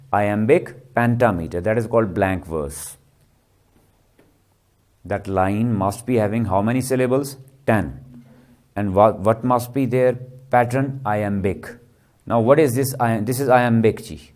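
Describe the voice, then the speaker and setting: A man's voice: medium pitch, a little mellow. A man giving a literature lecture, constantly asking the class rhetorical questions. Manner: keeps quizzing with rhetorical questions, tags "ji".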